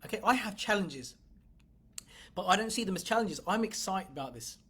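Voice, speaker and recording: Husky, blunt, swearing woman coach. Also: mid-range voice, animated, a little fast, fairly bright tone. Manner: blunt and profane, emphatic, addresses viewers directly. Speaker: business coach. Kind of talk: motivational livestream talk.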